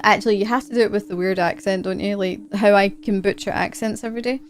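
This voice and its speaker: A woman's voice: mid-range voice, steady tone, quick pace, few pauses, slight background noise. A woman streaming a game live, chatting and laughing as she plays. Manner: chatty, laughs often, jokes about her accents. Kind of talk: live gameplay commentary.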